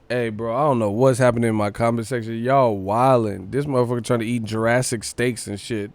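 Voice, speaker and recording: A man's voice: medium pitch, steady tone, brisk, few pauses, no echo. Profane, slangy man reading live chat. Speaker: livestream host.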